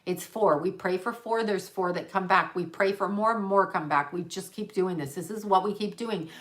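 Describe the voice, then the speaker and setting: A woman's voice: medium pitch, moderate pace, fairly bright tone. A woman, a psychic medium, talking on a livestream as she channels, rambling and correcting herself, repeating words for emphasis.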